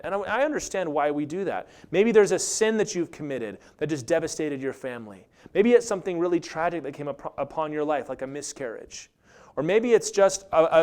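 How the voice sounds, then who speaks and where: A man pastor, preaching a sermon in an animated way and acting out quoted voices with humor. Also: a little high.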